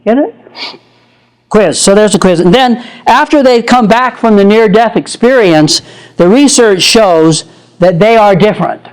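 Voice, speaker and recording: An older man, a psychologist, giving an animated storytelling lecture. He laughs often and acts out the quotes in his stories. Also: high-pitched, measured pace, rough recording.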